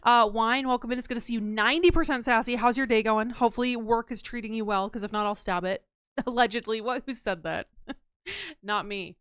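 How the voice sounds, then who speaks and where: A woman's voice: fairly high pitch, steady tone, a little fast, a bit bright, smooth, no room sound, studio quality. Playful woman greeting her stream chat. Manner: playful, teasing, jumps into silly voices. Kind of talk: casual live-stream chat.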